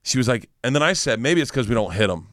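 A middle-aged man, a comedian guest, telling stories in an animated, profane way and acting out the voices, wired on too much coffee. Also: mid-range voice, quick pace, no room sound, clean studio sound. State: over-caffeinated, rattling on. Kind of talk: casual storytelling chat.

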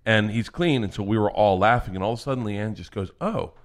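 A man, a comedian, telling family stories on a podcast in a loud, profane way, laughing as he goes. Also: lowish voice, lively intonation, fast. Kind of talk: casual storytelling.

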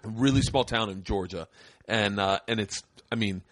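A man's voice: lowish voice, moderate pace, fairly bright tone, no echo, clean studio sound. A man hosting a podcast, telling a story in casual, profane chat and acting out the quotes in a raised voice. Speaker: podcast host.

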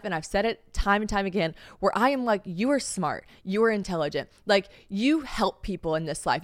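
A young woman hosts a podcast, spinning a story in loose, profane chat and poking fun at herself as she acts out the people she quotes. Her voice is smooth and clear in the middle range. The sound is close and dry, with no room echo. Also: mid-range voice, a bit bright. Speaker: podcast host. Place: Tennessee.

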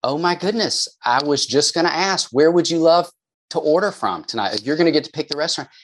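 A man voicing an eager, upbeat mother coaxing her teenage son, in a raised, bright tone. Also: a little high, lively intonation, rapid-fire, voice pushed up.

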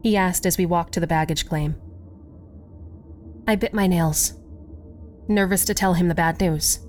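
Casting: female horror narrator, lower voice, unhurried and measured, faint music underneath. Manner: slow, measured storytelling. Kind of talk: scripted horror story narration.

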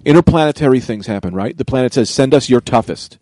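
Male podcast co-host, goofy and joking, quick and bouncy, dry close sound. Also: mid-range voice, lively intonation, mellow, dry recording. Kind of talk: casual chat.

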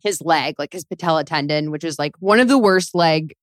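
A woman's voice: low voice, fairly quick, dry recording, clean studio sound. A woman chatting candidly and laughing, with lots of fillers, in a casual podcast conversation.

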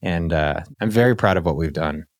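A man hosting a podcast, talking in an upbeat, excitable, salesy way, then chatting casually with his guest. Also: a little fast, dry recording, clean studio sound. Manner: upbeat, salesy, excitable delivery with sudden pitch jumps. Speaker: podcast host. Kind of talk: energetic podcast intro and casual interview.

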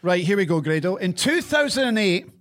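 A man's voice: high voice, big pitch swings, a little fast, a bit bright. A Scottish man hosting a casual chat, teasing his co-host and launching into rants. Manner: mocking, retelling with rants. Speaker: podcast host.

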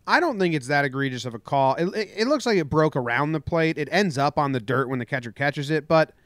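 A man on a casual sports podcast, talking with a slightly raised pitch and lively storytelling. His voice is close and dry, with no room around it. He acts out the shouting of the people in his story. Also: fast, no room sound. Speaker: podcast co-host.

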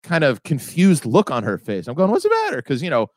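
Rambling podcast guy, lively pitch. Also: fairly quick, dry recording. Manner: rambling storyteller, laughs often, puts on loud voices for quotes. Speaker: podcast co-host. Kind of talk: casual comedic chat.

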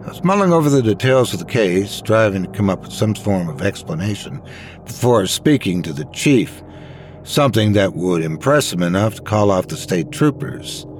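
Low-voiced man narrating horror. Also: normal speed, slight background noise. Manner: dramatic, expressive storytelling.

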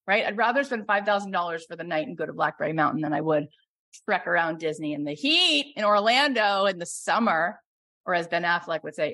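Middle-aged woman coach, effusive sales pitch, builds to loud emphasis. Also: lively intonation, brisk. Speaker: coach and program host.

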